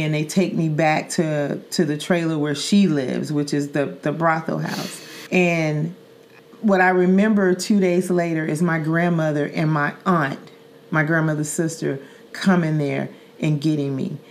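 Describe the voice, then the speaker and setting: A middle-aged woman from Saint Louis with a low voice tells a story from her own life on a podcast. She speaks earnestly and vividly, often repeating words and using fillers like "um" and "like" as she goes. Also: fairly even intonation, a little slow. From Saint Louis, Missouri. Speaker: podcast host. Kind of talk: personal storytelling in casual chat.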